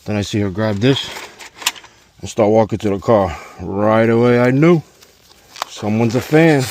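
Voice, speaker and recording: A man's voice: fairly low pitch, a little slow, slight background noise. A man in his forties tells a joking, profane story while he changes a car's oil outdoors at home. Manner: profane, joking, rambling and animated. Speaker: DIY car vlogger. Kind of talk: casual storytelling while working on a car.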